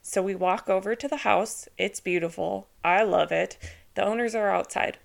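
A woman hosting her own podcast, telling a personal story in a chatty, excitable way with lots of casual fillers. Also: mid-range voice, normal speed, vocal fry. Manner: introverted by her own account. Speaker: podcast host.

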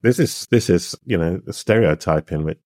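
A man interviewing a guest, asking questions in a calm and measured way. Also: deep voice, no echo, clean studio sound.

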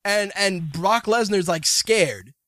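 High-voiced ranting man on a podcast. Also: slow, a bit bright, no echo, studio quality. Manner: ranting, swearing, mocking. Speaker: podcast host. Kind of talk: profane casual wrestling banter.

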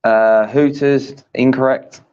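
A man co-hosting a casual live-stream chat, halting and tripping over his words as he reads names out. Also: medium pitch, fairly even intonation, darkish tone, smooth. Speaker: co-host. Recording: dull lo-fi stream audio.

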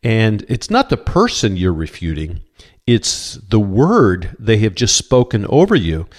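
Earnest low-voiced middle-aged male pastor. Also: wildly swooping pitch, a little slow. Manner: earnest, stammers on repeated words; cites scripture verses. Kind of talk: sermon.

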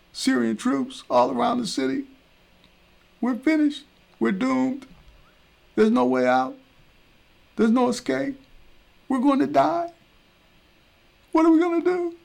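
A man's voice: level tone, quick pace, warm tone. A male preacher voicing a terrified young male servant who keeps crying out that they are doomed. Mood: panicked. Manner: frantic, shrill, repeating himself.

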